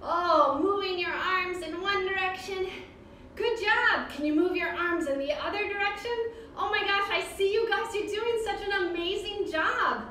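A woman's voice: extremely high pitch, normal speed, bright, forceful tone, slight background noise. A woman leading a children's yoga class with a cheerful, sing-song, encouraging way of talking. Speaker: kids' yoga teacher. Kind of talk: guided kids' yoga class. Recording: roomy echo from far off.

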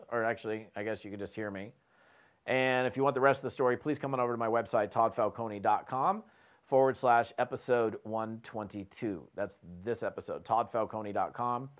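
A man hosting a podcast, giving a lively coaching talk as an animated storyteller who often restarts his sentences. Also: medium pitch. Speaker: host.

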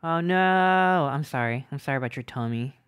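A woman with a strikingly deep voice hosts a game stream. She chats casually and playfully, giggling and talking in quick bursts. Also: clear, resonant tone. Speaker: streamer host.

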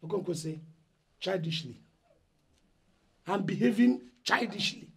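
A fiery Nigerian elder brother. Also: male voice, high voice, animated, a little slow, gravelly, a little hiss or hum, exaggerated voice. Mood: angry. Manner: loud, agitated, lecturing. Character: indignant eldest brother claiming family inheritance. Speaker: eldest son in a family dispute. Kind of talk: Nollywood film acting.

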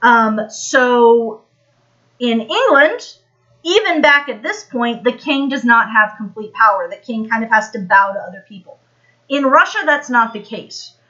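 A woman's voice: fairly high pitch, lively intonation, a little slow, sharp tone, dull audio. An American woman giving a casual, rambling history lesson on a live stream, full of fillers and restarts. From United States.

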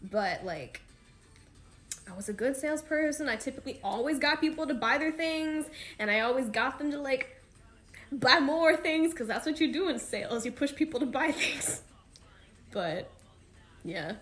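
High-voiced chatty woman streaming to fans. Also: expressive, moderate pace, a bit bright. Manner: chatty, rambling, slangy with frequent fillers. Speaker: idol livestream host. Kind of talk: casual livestream chat with fans.

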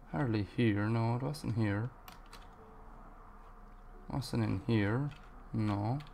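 A man narrating his Minecraft gameplay, frustrated and swearing as he rambles to himself. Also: mid-range voice. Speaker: gaming channel host.

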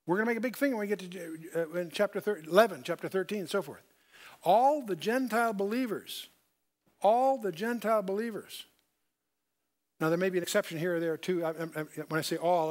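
An older man giving a verse-by-verse Bible lesson, stressing key points and asking his listeners questions. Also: sits high. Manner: emphatic, repeats key points, asks the audience questions. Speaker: Bible teacher.

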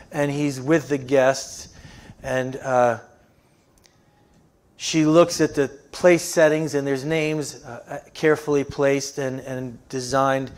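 A man, the pastor, preaching a sermon in a storytelling way, with frequent fillers, moving into a soft, earnest appeal. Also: mid-range voice.

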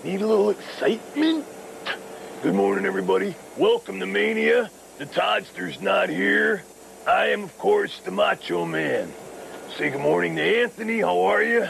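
Guy putting on a super gravelly high-pitched wrestler voice, all hyped up and growly. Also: very animated, normal speed, fairly bright tone, a little hiss or hum, exaggerated voice, low-quality recording. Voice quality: gravelly, growling catchphrase delivery. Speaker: TV wrestling show host. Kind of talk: playful TV show hosting.

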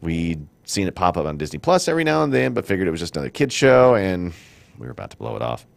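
Deep-voiced, animated middle-aged male host. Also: quick pace, creaky. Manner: animated, joking, rambling. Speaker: show host. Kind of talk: casual studio chat.

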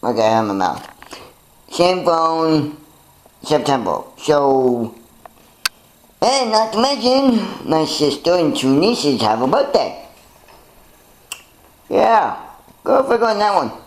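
A man's voice: on the high side, big pitch swings, takes it slowly, pauses often. Rambling young man in an echoey room. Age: young adult. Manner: rambling, self-mocking, laughs at himself. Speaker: vlogger. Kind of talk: casual vlog monologue.

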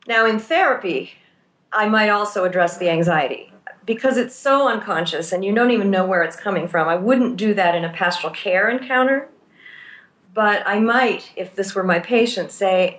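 A woman's voice: medium pitch, normal speed, a bit bright, roomy sound. A woman who works as a therapist and teaches pastoral care, explaining her ideas thoughtfully in a conversational interview and walking through examples.

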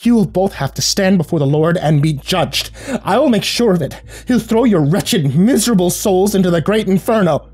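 Man doing a raging zealot aunt, high shrill shrieks, loud, dark tone, faint music behind. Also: animated, moderate pace, breathy edge. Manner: shrieking, hate-filled scolding. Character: furious fanatical religious aunt, woman, middle-aged.

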